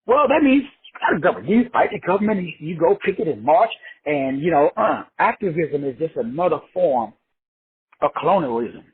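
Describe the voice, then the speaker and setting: Casting: high, husky-voiced man from Texas, slangy motivational preacher, lo-fi call audio. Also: very animated, moderate pace. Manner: emphatic, repetitive, slangy and profane. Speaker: teacher leading an online call. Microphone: online call. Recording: phone-like lo-fi audio.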